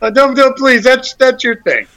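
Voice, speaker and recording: High bright-voiced rambling male host. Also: moderate pace, low-quality recording. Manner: rambling, crude joking, many restarts. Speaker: radio show host. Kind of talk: casual talk show banter.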